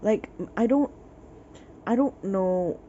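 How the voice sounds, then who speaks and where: Sick and sniffling in bed, a woman rants about a book in a casual reading vlog, sighing in exasperation. Her mid-range, dark voice moves slowly over a little hiss or hum on a dull, lo-fi recording.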